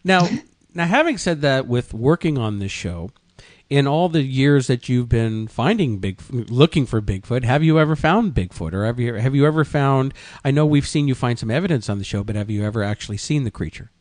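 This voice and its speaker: A man's voice: mid-range voice, lively intonation, normal speed, a little mellow, dry recording. Man host asking rambling questions. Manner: rambling, self-correcting questions. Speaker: radio host. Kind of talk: casual interview questions.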